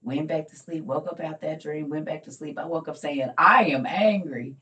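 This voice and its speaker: A woman's voice: deep voice, level tone, a little fast, mellow, far from the mic, poor audio. An older woman, a grandmother, chatting in a morning vlog, tired and weak, telling stories and calling viewers y'all and honey. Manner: chatty storytelling, Southern Black vernacular, calls viewers y'all and honey. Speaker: vlogger. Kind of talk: casual morning vlog chat.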